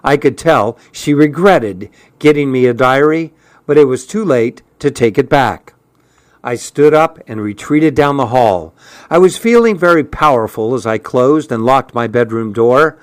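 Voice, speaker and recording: A man reading a first-person story aloud, unhurried and even. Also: medium pitch, no room sound, clean studio sound. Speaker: narrator.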